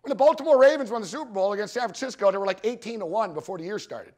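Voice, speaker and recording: A man's voice: high-pitched, racing, a little mellow. A man giving a conference talk on sports betting, telling profane, punchy anecdotes and repeating his points for the audience. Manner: profane, storytelling, punchy repetitions. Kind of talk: animated anecdotal presentation.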